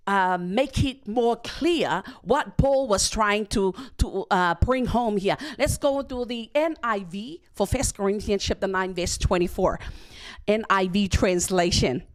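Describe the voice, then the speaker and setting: A woman preaching a sermon at a church service, reading scripture and explaining it slowly and deliberately. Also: fairly high pitch.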